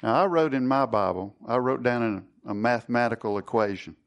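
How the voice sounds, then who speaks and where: A man's voice: medium pitch, fairly quick, lo-fi sound. A man leading a Bible study sermon, earnest and conversational, who often restarts and repeats words. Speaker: Bible teacher.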